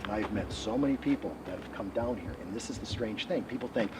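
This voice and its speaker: A man who researches the paranormal, telling ghost stories in an animated interview outdoors by a rural road. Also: on the low side. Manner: animated, quick storytelling. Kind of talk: storytelling interview. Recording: distant mic, outdoor traffic noise.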